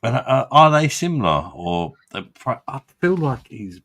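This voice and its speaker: A man's voice: mid-range voice, big pitch swings, unhurried, a bit bright. A man hosting a casual drinking livestream, tipsy, swearing and laughing often. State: drunk. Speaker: host.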